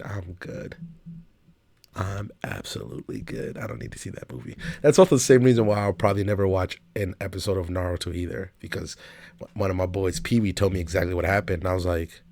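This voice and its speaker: A man's voice: lowish voice, a little mellow, no echo. A man hosting a reaction video, talking back to the clip he watches in a casual, exasperated way and swearing often.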